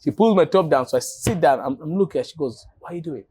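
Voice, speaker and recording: A man from Africa telling a lively story as an interview guest, acting out voices and laughing often. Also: a little high, quick pace, slightly rough. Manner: animated, acts out dialogue, laughs often. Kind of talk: casual storytelling.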